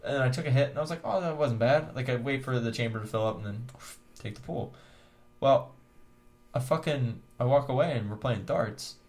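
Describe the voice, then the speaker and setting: A man's voice: medium pitch, fairly quick, a little mellow. A man co-hosting a casual podcast with friends, telling a rambling, profane story and laughing often. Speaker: podcast co-host.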